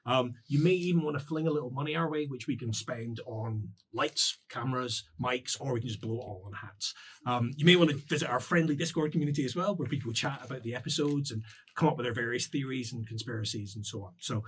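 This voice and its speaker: Man giving a quick, casual outro. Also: medium pitch, slightly rough. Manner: casual, with fillers. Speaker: show host. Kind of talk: promotional outro.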